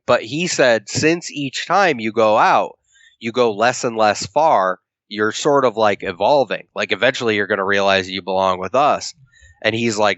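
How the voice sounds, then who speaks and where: A man's voice: lowish voice, normal speed, a bit bright, no echo. A man co-hosting a podcast, retelling a comic book's story at length in casual chat and acting out the characters' lines, swearing freely. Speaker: podcast co-host. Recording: dull lo-fi podcast audio.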